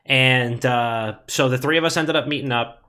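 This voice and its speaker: A man's voice: mid-range voice, moderate pace, bright, forceful tone. A man hosting a podcast and telling a rambling, profane story in casual chat. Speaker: podcast host.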